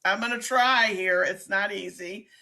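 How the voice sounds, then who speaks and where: A middle-aged woman hosting a casual live-stream chat, talking in an excitable, chatty way. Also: mid-range voice, measured pace, creaky. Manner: chatty, excitable, laughs often. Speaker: host, scam baiter.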